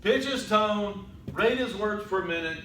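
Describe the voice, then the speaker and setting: A man teaching a public speaking class in a conversational lecture, often saying "okay" and acting out halting speech full of fillers. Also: high-pitched, pushed and bright, reverberant, a little hiss or hum, low-quality recording. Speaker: college public speaking instructor. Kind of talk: recorded lecture.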